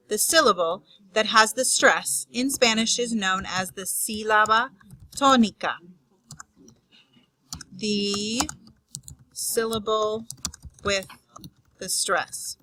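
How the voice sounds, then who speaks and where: A woman teaches a grammar lesson at an unhurried pace, slowing further to spell out each term. Her voice is bright and clear. She speaks unscripted, with fillers and restarts, in a dry room with no echo. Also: a little high. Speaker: Spanish teacher. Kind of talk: explaining grammar rules.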